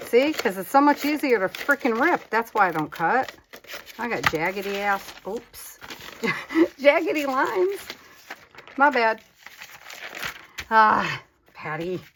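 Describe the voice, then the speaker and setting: Lively chatty woman crafting on camera. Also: mid-range voice, noisy background. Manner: chatty, talks to her craft supplies while working; self-deprecating and candid. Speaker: crafting channel host. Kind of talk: casual crafting vlog chat.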